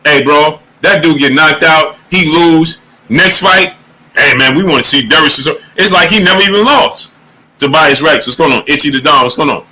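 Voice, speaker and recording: A man hosting a boxing livestream, giving shout-outs to the chat in casual, animated talk, sometimes dropping to a hush. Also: fairly high pitch, normal speed, a little hiss or hum. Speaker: livestream boxing show host.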